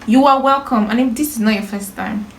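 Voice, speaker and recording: A woman's voice: on the high side, brisk, background noise. Woman, vlog host, playful, teasing, casual chat, echoey room. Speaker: vlogger host interviewing her brother.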